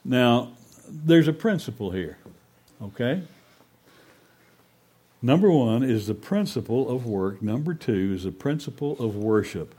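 A man's voice: medium pitch, animated, measured pace, long pauses, mellow, husky. A man preaching a sermon, telling a fable in a folksy, emphatic way before making his points.

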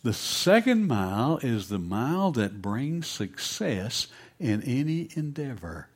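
An animated male preacher delivers a sermon, his voice swinging widely from booming to hushed. He tells his story with energy, dropping low to drive points home. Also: slow, husky. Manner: animated storytelling, drops to a hush for emphasis.

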